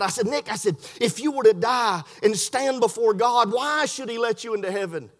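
A man's voice: high-pitched, normal speed, hardly any pauses, fairly bright tone. A man preaching a sermon, telling folksy stories with repeated words and a homespun turn of phrase. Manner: folksy storytelling with repetitions and southern-style grammar.

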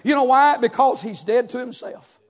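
A pastor delivers a sermon in a very high voice for a man. He preaches in a rhythmic, chanting cadence and punctuates his lines with "amen" and "uh". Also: moderate pace.

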